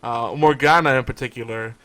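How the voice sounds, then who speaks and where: A man co-hosting a podcast, talking casually and excitably, often laughing. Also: mid-range voice, a little fast, a crowd in the background. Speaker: podcast co-host. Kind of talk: casual chat.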